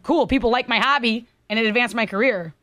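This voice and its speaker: A young adult woman co-hosting a podcast, telling stories in a chatty, animated way. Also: a little high, quick pace, no echo. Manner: chatty, animated storytelling with laughs. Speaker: podcast co-host. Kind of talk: casual chat.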